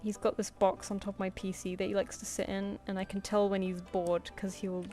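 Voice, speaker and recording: A woman talks loosely while she draws at home, wandering from one thought to the next and muttering half to herself. Her voice sits at an ordinary middle pitch, with soft music playing faintly behind her. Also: level tone, fairly quick. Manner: rambling, chatty, mutters to herself. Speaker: artist livestreamer. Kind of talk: casual chat while drawing. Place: home room.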